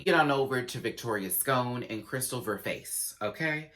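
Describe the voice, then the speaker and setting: A man giving a casual, sassy review of a show, acting out quotes in dramatic voices and laughing often. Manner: sassy, animated, acts out quotes with big pitch jumps.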